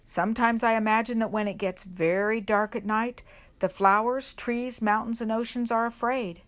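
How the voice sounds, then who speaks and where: A woman reading a children's picture book aloud at a church service for kids, gentle and unhurried, pausing to put questions to the children. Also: a little high, steady tone. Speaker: reader at a children's worship service.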